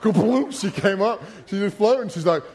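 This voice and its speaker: A man with a high-pitched voice preaches a sermon at normal speed. He's an animated storyteller, sharing folksy personal stories and asides and laughing often.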